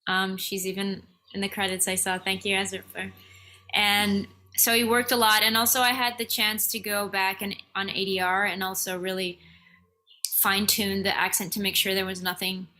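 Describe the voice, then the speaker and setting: Bright-voiced actress on a video call. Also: female voice, medium pitch, little pitch movement, moderate pace, slight background noise.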